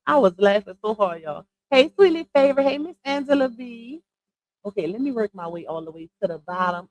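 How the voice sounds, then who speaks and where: A playful woman talking casually to her livestream viewers in a slangy, chatty way. Her pitch sits mid-range for a woman, and she laughs easily as she gives quick shout-outs one after another. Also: poor audio. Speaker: livestream host.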